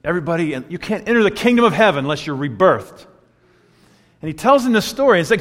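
A high-voiced male preacher delivering a sermon with a very lively, swooping delivery. He acts out the people in his stories as he goes. His voice rings with a long hall reverb. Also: fast talker. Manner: animated storytelling, acting out quoted voices.

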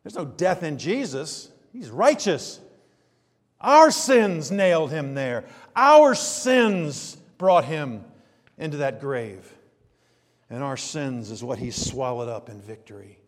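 A middle-aged man preaching a sermon, swinging from loud emphasis to quiet asides. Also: a little high, sing-song, slow. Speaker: pastor. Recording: reverberant hall.

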